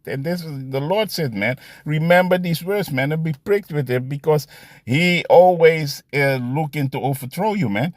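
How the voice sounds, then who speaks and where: A man's voice: on the high side, normal speed, no room sound, clean studio sound. A man preaching casually, often tagging "man" and "you see" onto his points and laughing between them. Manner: repetitive, ends phrases with "man" and "you see". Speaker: street preacher. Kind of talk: casual preaching with scripture readings.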